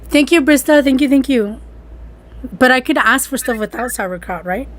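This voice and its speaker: A woman's voice: high-pitched, lively intonation, moderate pace. A young woman co-hosting a food podcast in casual chat, giggly and hesitant, with lots of "like". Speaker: podcast co-host.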